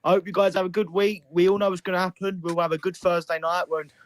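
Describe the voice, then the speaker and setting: A man's voice: sits high, little pitch movement, fast talker. A man grumbling wearily about his football team on a podcast. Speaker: podcast panelist. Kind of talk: casual football chat.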